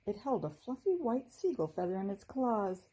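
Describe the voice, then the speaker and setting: A woman teacher reading a children's chapter book aloud in a gentle, expressive storytelling manner. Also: mid-range voice, normal speed, slightly rough, low-quality recording.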